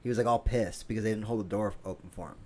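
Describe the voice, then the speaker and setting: A man's voice: on the low side, racing, darkish tone. A man co-hosting a casual comedy podcast, telling a rambling story and laughing often. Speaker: podcast co-host. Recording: faint noise, home studio.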